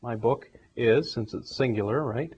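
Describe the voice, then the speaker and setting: A man's voice: mid-range voice, normal speed, a little mellow, a little hiss or hum. A man teaching a grammar lesson, walking through numbered examples one step at a time. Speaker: English teacher. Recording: dull lo-fi recording.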